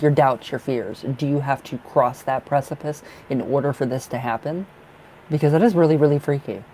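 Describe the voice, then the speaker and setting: Excitable rambling man reading tarot. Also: mid-range voice, slight background noise, low-quality recording. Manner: thinks aloud with many restarts and fillers. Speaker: tarot reader. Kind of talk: live-stream tarot reading.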